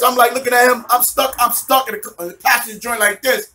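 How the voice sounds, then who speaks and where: A man, telling a testimony in an animated, slangy way, swearing, laughing often and checking that the listener follows. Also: very high voice, quick pace. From New York City. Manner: swears a lot, street slang, keeps asking if you follow. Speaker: minister giving a testimony.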